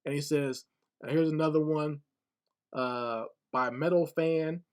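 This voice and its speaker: A man's voice: on the high side, fairly even intonation, unhurried, smooth. A man giving casual spoken commentary online, blunt and scornful, often repeating words as he gathers his thoughts.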